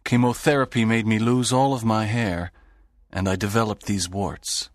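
A man's voice: on the low side, fairly even intonation, moderate pace, dry recording, clean studio sound, close to an everyday voice. A man playing a sad, lonely teacher. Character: sad, lonely, strict middle-aged male teacher. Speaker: narrator's teacher. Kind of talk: audiobook drama reading.

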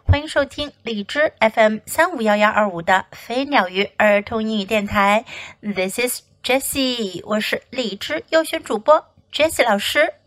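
A woman from China, a children's English teacher and host, reading a picture book aloud in a gentle, sing-song way. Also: fairly high pitch, moderate pace, no echo. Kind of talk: bilingual storybook reading.

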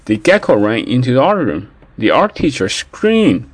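A man narrating a children's story in an expressive read-aloud manner. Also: mid-range voice, moderate pace, hardly any pauses, no echo.

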